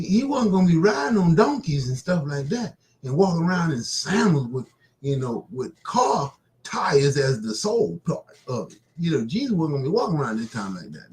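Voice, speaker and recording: A man hosts a casual live stream, chatting loosely with viewers, laughing often and reading Bible passages aloud. His voice is fairly high, and the recording quality is low.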